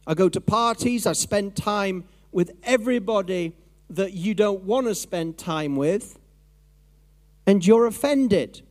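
Animated, conversational male preacher. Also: high voice, slow. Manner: animated, conversational, acts out inner voices. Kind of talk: sermon.

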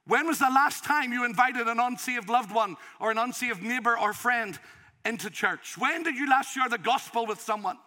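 A man's voice: very high voice, normal speed, pushed and bright, long reverb tail. A male pastor preaching an impassioned sermon in church, pleading and emotional as he urges his congregation. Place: church in the city.

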